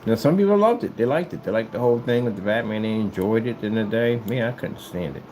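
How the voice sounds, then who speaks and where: A man rambling casually to the camera as he works, animated and joking, often jumping into a high falsetto. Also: fast talker, a little hiss or hum, rough recording. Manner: animated, jumps into high falsetto sing-song and joking voices. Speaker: vlogger. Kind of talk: casual rambling monologue while working.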